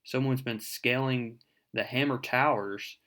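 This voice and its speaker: A man's voice: mid-range voice, steady tone, measured pace, bright, forceful tone. A man casually retelling a comic book issue in a rambling recap full of fillers.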